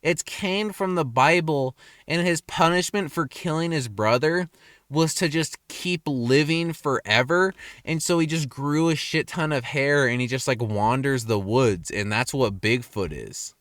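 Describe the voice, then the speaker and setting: A young man rambling in a casual rant, crude and self-mocking, his pitch jumping up and down. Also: unhurried, fairly bright tone, no room sound, studio quality. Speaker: vlogger. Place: car in a parking lot at night.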